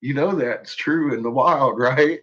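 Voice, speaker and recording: A man's voice: on the high side, a bit bright, highs cut off. A man livestreaming to his chat in a profane, rambling rant, laughing often. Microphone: own microphone.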